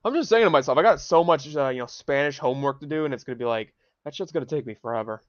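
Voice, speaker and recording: A man's voice: mid-range voice, rapid-fire, no echo. Young male streamer, profane heated rant mixed with Spanish words, dry muffled home mic. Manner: mixes in Spanish phrases. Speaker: livestream host. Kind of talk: ranting livestream commentary.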